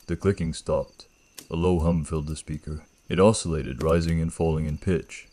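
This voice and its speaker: Guy with a really deep husky voice reading a creepy story, slow and grave. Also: fairly even intonation, a little mellow. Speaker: narrator. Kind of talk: first-person horror story narration.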